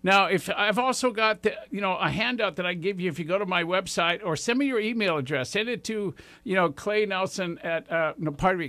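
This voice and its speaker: A man's voice: high-pitched, creaky, pushed and bright, no room sound. A man in his sixties hosting a radio show, giving enthusiastic, rambling motivational talk straight to his listeners. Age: 60s.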